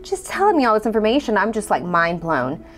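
A woman's voice: mid-range voice, very animated, a little fast, soft background music. A woman telling her own story in a conversational way, acting out the dialogue she quotes. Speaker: storyteller guest. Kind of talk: personal storytelling.

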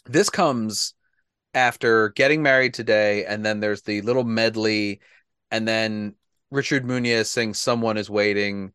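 A man's voice: fairly low pitch, steady tone, unhurried, fairly bright tone, smooth, no room sound, clean studio sound. A man hosting a podcast in casual chat, wry and talkative, laughing at his own jokes. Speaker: podcast host.

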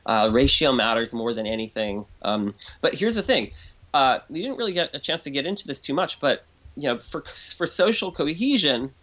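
A man talking as a guest expert in an interview. He explains in a lively, conversational way, often restarts his sentences and acts out voices when he quotes people. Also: mid-range voice, normal speed, lo-fi sound.

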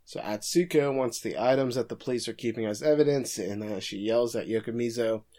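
A man co-hosting a casual podcast, recapping plot events at length and breaking in with quick quips. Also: mid-range voice, a little mellow. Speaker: podcast co-host recapping an anime episode. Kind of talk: casual chat.

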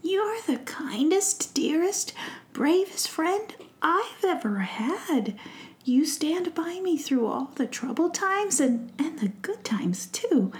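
A woman's voice: extremely high pitch, very animated, slow, a little mellow, pitched above the performer's own voice, exaggerated voice. A woman voicing a kind young male fairy prince in a whispered role-play. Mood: gushing.

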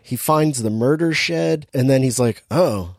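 A man's voice: mid-range voice, normal speed, vocal fry, no echo, studio quality. A man in a casual chat, retelling a movie plot with lots of laughter and acted-out quotes. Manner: animated storyteller, laughs often, acts out quotes.

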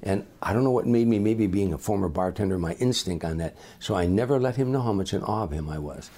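An older man, a comedian, telling lively anecdotes in an interview and acting out the people in them. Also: fairly low pitch, fast. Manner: animated raconteur, acts out voices. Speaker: comedian guest.

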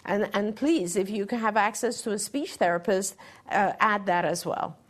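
A woman's voice: medium pitch, normal speed. Earnest middle-aged woman giving advice. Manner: earnest, encouraging, restarts phrases. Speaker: podcast co-host answering parent questions. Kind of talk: casual advice talk.

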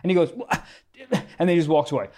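A man telling a story in casual chat, animated and profane, acting out both sides of the argument. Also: on the high side, fast. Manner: animated, profane, quotes people in acted-out dialogue.

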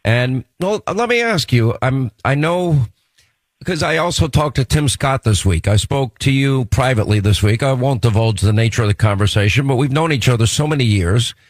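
Chatty New York radio host, dry sound. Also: male voice, medium pitch, lively intonation, normal speed, no room sound. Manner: chatty, rambling, restarts sentences. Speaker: radio talk show host. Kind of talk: radio interview.

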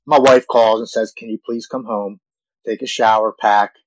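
Earnest man in his forties, low voice. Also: steady tone, no echo, lo-fi sound. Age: 40s. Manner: earnest, halting, repeats words when moved. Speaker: guest telling his recovery story. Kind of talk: emotional personal storytelling.

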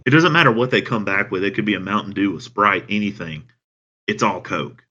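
A man with a Southern American accent, chatting casually as a podcast co-host and telling things in a dry, deadpan way. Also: lowish voice. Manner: dry, deadpan storytelling with drawn-out phrases. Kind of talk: casual chat. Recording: dull lo-fi sound.

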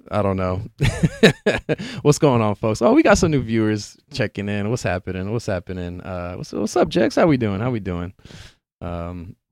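A man's voice: lowish voice, darkish tone, clean tone, dry recording, clean studio sound. Laid-back man rambling on a live stream. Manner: rambling, laughs often, swears casually, slangy. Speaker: podcast host streaming live. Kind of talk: casual live-stream chat.

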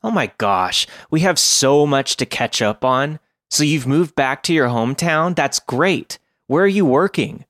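A man's voice: fairly high pitch, animated, fairly bright tone, no echo, clean studio sound, pitched above the performer's own voice. A man voicing a chirpy, pushy young woman caller who gushes and fires off prying questions. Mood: gushing. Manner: gushing, rapid-fire prying questions.

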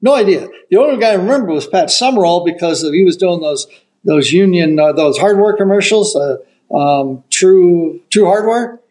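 Older male raconteur, high-pitched, lively anecdotal delivery. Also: moderate pace, low-quality recording. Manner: animated raconteur, acts out quotes. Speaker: golf broadcaster telling a story. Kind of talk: casual storytelling.

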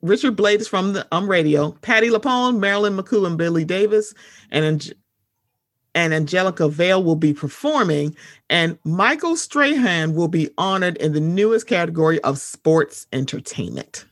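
A woman hosting a casual podcast chat, talking in a blunt, animated, often profane way and reading out news items. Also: lowish voice, moderate pace, dry recording, studio quality. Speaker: podcast host.

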